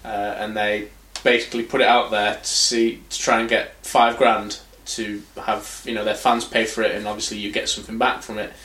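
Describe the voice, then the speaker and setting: A man's voice: lowish voice, little pitch movement, moderate pace, hardly any pauses, bright, forceful tone, echoey room. A man hosting a podcast, talking casually, rambling through anecdotes and swearing freely. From England. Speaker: podcast host. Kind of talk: casual chat.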